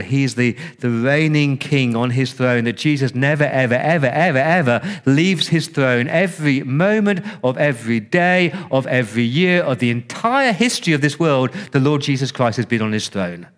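A man's voice: lively intonation, normal speed, hardly any pauses. A man preaching a sermon as pastor, conversational, repeating words and acting out listeners' reactions. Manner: acts out listener reactions with big pitch swings.

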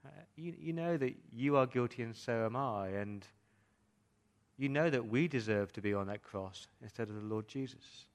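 A male pastor delivers a sermon at a middle pitch. He keeps asking the congregation questions, sinks to a near-whisper at times and then builds back up with emphasis. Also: normal speed. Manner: asks the congregation rhetorical questions.

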